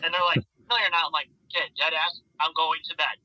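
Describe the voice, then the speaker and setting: A young man in a band tells a rowdy tour story, swearing as he acts out each friend's lines. His voice sits high and very bright. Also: fast talker, poor audio. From Central Wisconsin. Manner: animated, profane storyteller acting out voices. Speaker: band member. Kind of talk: casual storytelling chat.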